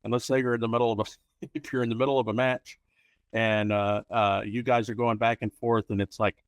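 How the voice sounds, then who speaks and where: A man's voice: medium pitch, flat delivery, a little fast, no room sound. A man hosting an interview, talking in a rambling way with lots of restarts and anecdotes. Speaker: host. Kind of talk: interview talk.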